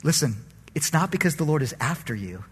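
A male pastor preaching a sermon in an animated, conversational way, with a raspy voice. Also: a little high, brisk.

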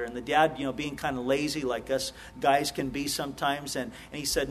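A middle-aged man preaching a sermon as a pastor, earnest and often restarting his words in quick repetitions. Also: medium pitch, flat delivery.

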